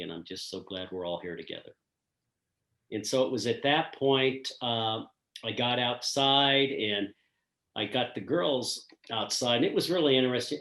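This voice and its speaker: An older man and retired school principal telling a personal story in an earnest, reflective way with frequent pauses. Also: medium pitch, fairly bright tone. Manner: earnest, reflective, pausing often. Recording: roomy echo.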